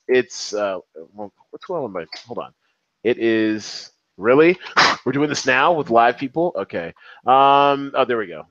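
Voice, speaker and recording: Lively, rambling man on a muffled call. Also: medium pitch, no echo. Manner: animated, rambling, profane. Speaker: podcast co-host. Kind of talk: casual movie chat.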